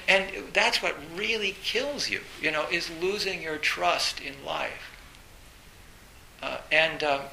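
A man giving an informal dharma talk as a Zen teacher. He speaks haltingly and grows more animated as he retells a story. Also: fairly high pitch, gravelly. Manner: halting, storytelling, recounts a film with rising animation. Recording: roomy echo with faint hiss.

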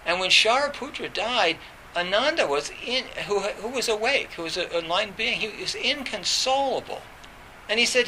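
A man's voice: high-pitched, big pitch swings, moderate pace, noisy background. A man giving a Zen dharma talk in a rambling way, with many fillers and restarts. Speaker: Zen teacher.

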